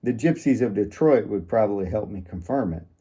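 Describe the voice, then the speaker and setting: Wry, mellow-voiced male narrator. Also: on the low side, expressive, brisk, breathy edge. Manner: wry, sardonic. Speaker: audiobook narrator. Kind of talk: first-person fiction narration.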